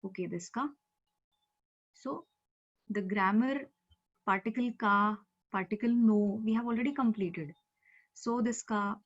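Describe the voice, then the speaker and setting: Brief: female teacher, patient and explanatory, mid-pitched, heard over a dull video call. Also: measured pace, pauses often. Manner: patient, explanatory, with frequent fillers. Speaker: Japanese language teacher. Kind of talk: online language class.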